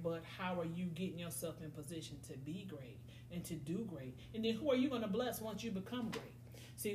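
A middle-aged woman, chatting on a podcast and acting out her friends' voices as she tells stories. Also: mid-range voice. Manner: animated storytelling, acts out friends' voices. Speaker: podcast host. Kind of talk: casual podcast chat. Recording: echoey room, faint noise.

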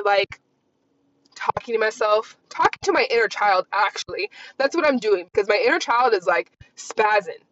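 A woman's voice: medium pitch, moderate pace, fairly bright tone, no room sound. A candid young woman in her twenties rambles through a casual solo podcast, leaning on "like" as she thinks aloud. Her voice is recorded close and dry, with a slightly dull, lo-fi tone. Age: 20s. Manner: rambling, candid, heavy use of "like". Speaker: podcast host.

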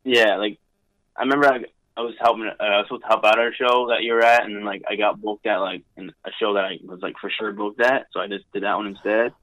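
Young male podcast guest, twenties, lowish voice with a bright edge, rambling and filler-heavy. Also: little pitch movement, fast talker, dry recording, lo-fi sound. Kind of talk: casual podcast chat.

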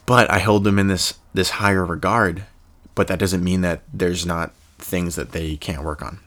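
A man's voice: sits low, steady tone, fairly bright tone. A young man hosting a casual solo podcast, thinking aloud in a rambling way with fillers and restarts. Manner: chuckles often and slips into quick impressions. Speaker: podcast host.

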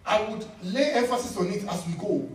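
In a church hall, a man delivers a lively sermon, his voice sitting high and his pace fairly quick. He laughs mid-sentence and drives home key lines by repeating them. The echoey audio, taken from a far-off mic, carries a little hiss or hum.

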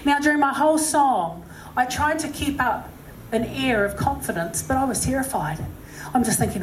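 A woman with a New Zealand accent speaks to a live audience between songs, telling a story in a chatty, self-deprecating way. Her voice sits a little high. The sound is roomy, with faint ambience behind it. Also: lively intonation, normal speed, hardly any pauses, noisy background. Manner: chatty, self-deprecating, with many "you know" fillers. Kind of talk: personal story and encouragement talk.

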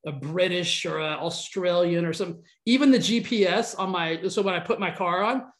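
Upbeat Southern podcast host, echoey. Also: male voice, sits high, moderate pace, a bit bright. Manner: upbeat, rambling, enthusiastic. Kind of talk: casual interview chat. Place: California.

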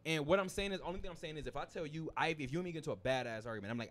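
A man's voice: fairly high pitch, rapid-fire, a bit bright. Casual, loose-talking male podcast host. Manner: loose, profane, rambling storytelling. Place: indoor studio room with friends.

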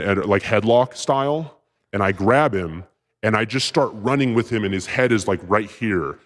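A man telling a story as a podcast guest, rambling and profane, with excited bursts. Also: medium pitch. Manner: profane, rambling, with filler words; excited bursts when retelling action. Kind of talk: casual storytelling.

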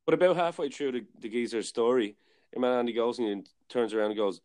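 A man's voice: medium pitch, brisk, darkish tone. A man hosting a podcast, telling a story in a casual, rambling way with lots of fillers. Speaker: podcast host. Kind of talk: casual chat.

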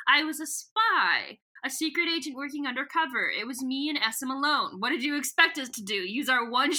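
A woman's voice: sits high, sharp tone, full character voice. A woman reading a female alien spy's lines aloud in a raised, arguing voice on a podcast.

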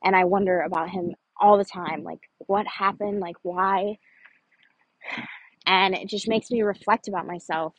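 A woman's voice: mid-range voice, steady tone, measured pace, low-quality recording. A woman telling a true personal story in an earnest, conversational way, often saying "like". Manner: earnest, conversational, frequent "like" fillers.

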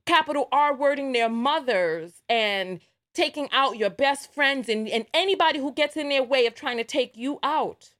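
A woman with a somewhat high voice hosts a livestream and delivers emphatic commentary. She presses her points, repeats herself for weight and keeps tossing in rhetorical asides to her viewers. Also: a bit bright. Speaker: livestream host.

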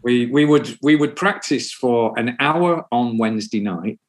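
A musician guest in a casual storytelling interview rambles through anecdotes, swearing freely and acting out other people's voices. He speaks a little slowly in a mid-range voice.

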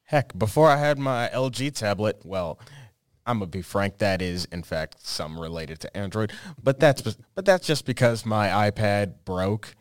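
Young man, smooth voice, wry asides. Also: on the low side, animated, moderate pace, no room sound, studio quality.

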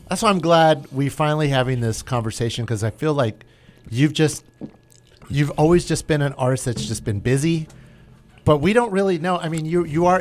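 A man hosting a casual interview, asking questions and encouraging his guest in a chatty way. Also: a little high. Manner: encouraging, chatty with many backchannels. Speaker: interview host.

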